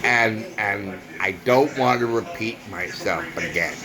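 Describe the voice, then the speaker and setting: Man, low voice, slow and earnest, vlog monologue over crowd chatter. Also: rough recording. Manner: earnest, repetitive, searching for words. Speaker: vlogger. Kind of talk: personal monologue.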